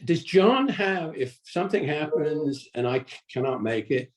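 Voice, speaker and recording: A man's voice: on the high side, lively intonation, normal speed. A man who is an at-large workgroup member, asking a follow-up question in a hesitant way on a video call. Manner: hesitant, searching for words.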